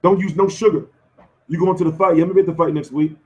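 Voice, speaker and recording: Man, live-stream host, hoarse, loose profane banter, slightly high voice. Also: steady tone, rapid-fire, darkish tone. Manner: loose, profane, slangy banter answering chat. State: losing his voice. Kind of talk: casual live-stream chat.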